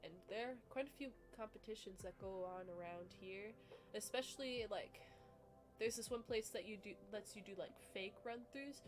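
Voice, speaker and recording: Music plays in the background as a young woman speaks at a moderate pace in a mid-range voice. She's a vlogger giving casual, rambling, giggly commentary on her own dog competition video, using lots of fillers.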